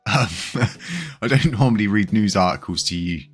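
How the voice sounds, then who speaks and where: A man's voice: on the low side, lively intonation, fast talker, fairly bright tone, slightly rough, faint music behind. A man talking casually to his viewers as a crypto news vlogger, chatty and loose, with lots of fillers and restarts. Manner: chatty, many fillers and restarts, chuckles now and then. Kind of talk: casual commentary to camera.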